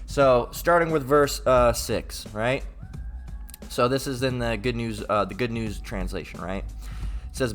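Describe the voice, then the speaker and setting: Man, casual scripture commentary, rambling, repeats himself, crude slang, middle pitch, faint background music. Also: moderate pace, a bit bright. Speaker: bible commentator.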